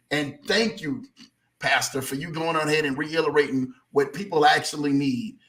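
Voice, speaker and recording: Bright enthusiastic talk show host. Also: male voice, fairly high pitch. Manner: enthusiastic, affirming, loose and casual. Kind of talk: casual talk show hosting.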